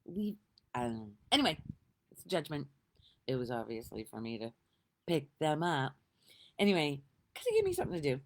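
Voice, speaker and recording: A middle-aged woman telling a story in a casual, lively way, laughing often and swearing now and then. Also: deep voice, moderate pace, creaky, long pauses. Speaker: vlogger.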